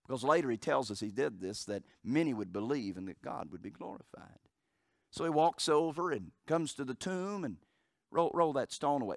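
A middle-aged man preaching a fervent sermon in church, dropping to a hush and rising to a roar. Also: lively intonation, moderate pace, creaky, no room sound, clean studio sound. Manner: fervent preaching that swings from hushed to booming. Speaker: pastor. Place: church sanctuary.

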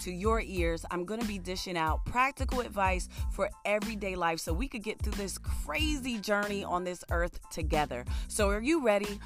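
A woman with a deep voice hosting her own podcast in casual chat, energetic and playful. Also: normal speed, few pauses, over music. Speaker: podcast host and comedian.

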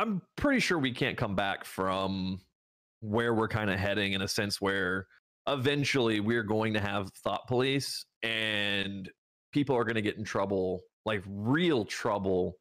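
A man's voice: fairly low pitch, fairly bright tone. A man from the United States co-hosting a podcast in casual chat. He rambles, restarts his sentences often and laughs a lot. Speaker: podcast co-host.

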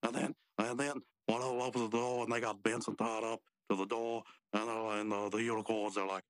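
Low-voiced man rambling through a recap. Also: flat delivery, a little fast, few pauses, dry recording. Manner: loose, rambling storytelling with asides. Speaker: podcast co-host. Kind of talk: casual chat recapping a cartoon.

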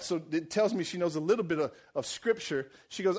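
Animated high-voiced male preacher. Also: quick pace, hardly any pauses. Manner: lively storytelling with casual modern paraphrase. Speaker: pastor. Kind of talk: sermon.

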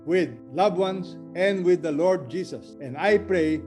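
Male preacher, mellow and a little high, earnest closing exhortation, soft guitar underneath. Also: measured pace. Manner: earnest, urging the listeners to be ready.

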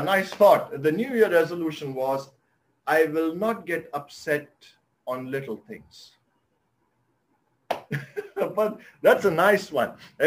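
A male pastor, preaching a sermon and telling humorous stories in which he acts out the characters' lines. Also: fairly high pitch.

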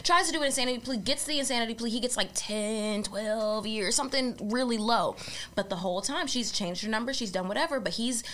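A woman on a podcast, casually retelling a case in a lively way and acting out what people said. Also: on the high side, brisk. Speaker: podcast host. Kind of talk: casual storytelling chat.

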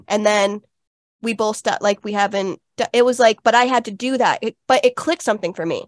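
A woman's voice: mid-range voice, a little fast, no room sound. Young woman podcast host, rambly casual storytelling, lots of likes, dry close mic. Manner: chatty, lots of "like" fillers, personal storytelling. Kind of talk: casual conversational interview.

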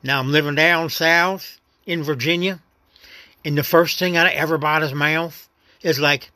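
A man's voice: a little high, steady tone, normal speed, bright, forceful tone, no echo. A man from New York City with a New York accent, hosting his own podcast in a rambling, reflective, understated personal monologue. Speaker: podcast host.

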